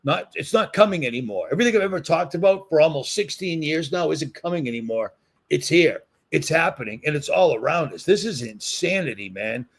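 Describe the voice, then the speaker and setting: Gravelly Boston man ranting heatedly. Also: fairly high pitch, expressive, brisk. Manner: ranting, emphatic, repeats points. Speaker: commentary vlogger. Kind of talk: heated solo commentary.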